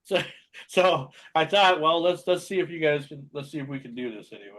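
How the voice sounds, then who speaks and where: A man hosting a casual local radio show, chuckling often and reading tongue twisters out slowly. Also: fairly high pitch, fairly bright tone.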